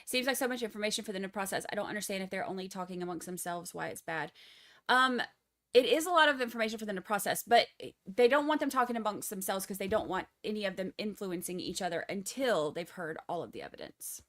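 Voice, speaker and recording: A woman's voice: medium pitch, animated, fast talker, fairly bright tone. A woman with a Texas accent giving casual, joking live-stream commentary on a trial and talking to her viewers. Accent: Texan. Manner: chatty, joking asides to viewers.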